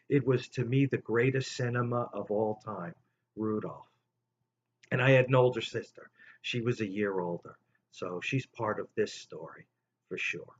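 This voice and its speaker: An older man tells a rambling childhood story to the camera in an animated, casual way, jumping high for quoted lines. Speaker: storyteller host. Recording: slightly dull recording with faint room noise.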